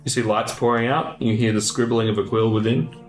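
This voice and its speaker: A man's voice: medium pitch, fairly even intonation, a little fast. Easygoing Australian game-master man. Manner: easygoing, joking narration. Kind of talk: narrating a tabletop game. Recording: roomy mic with music under.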